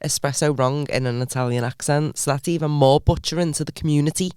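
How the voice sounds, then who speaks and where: A woman's voice: low-pitched, fast talker, dark tone, clear, resonant tone, dry recording. A woman co-hosting a podcast, blunt and teasing, who swears casually, recorded on a close, dry mic. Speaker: podcast co-host. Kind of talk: casual banter.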